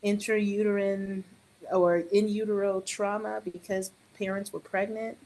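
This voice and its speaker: A middle-aged woman and early childhood educator, chatting on a podcast in an animated way with joking asides. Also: medium pitch, measured pace, poor audio. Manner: animated, joking asides, quotes others in raised voice. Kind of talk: casual podcast conversation.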